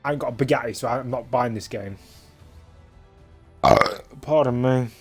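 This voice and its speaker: A man's voice: mid-range voice, normal speed, darkish tone, breathy edge, faint music behind. A young man casually commentating a sim racing stream, rambling with lots of filler and cheeky, crude jokes.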